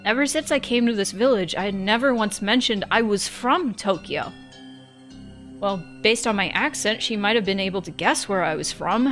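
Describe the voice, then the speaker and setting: A woman's voice: mid-range voice, normal speed, a bit bright, faint music behind. A woman streamer narrating a visual novel in first person, reading expressively and breaking off for joking asides.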